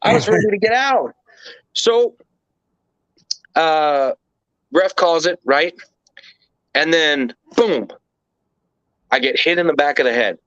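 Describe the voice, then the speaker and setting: A man's voice: on the high side, lively intonation, slow, pauses often, fairly bright tone, no room sound. A man being interviewed, telling a story casually and animatedly, with plenty of swearing and rambling asides. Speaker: interview guest. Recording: dull lo-fi dry recording.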